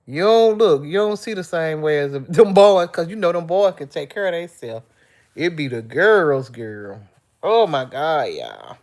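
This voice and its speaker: A middle-aged woman on a livestream, speaking softly and emotionally as she vents and chats with her viewers, calling them y'all and reading out their comments. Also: deep voice, sing-song, measured pace. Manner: soft, tearful and emotional, venting; chatty, addressing viewers as y'all. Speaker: vlogger on a livestream. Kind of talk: casual live-stream chat, reading out comments.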